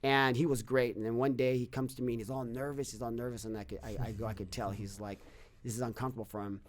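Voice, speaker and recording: Fast and fairly even in intonation, a middle-aged man's medium-pitched voice carries earnest storytelling in a casual podcast interview. He owns a fitness business and keeps repeating and restarting his words.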